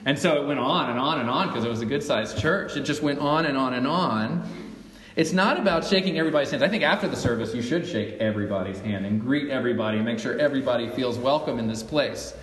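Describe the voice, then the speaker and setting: A man's voice: medium pitch, fast talker. A middle-aged man preaching a sermon to his congregation, talking conversationally and often asking them questions. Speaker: pastor. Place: church sanctuary. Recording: echoey hall, mic at a distance.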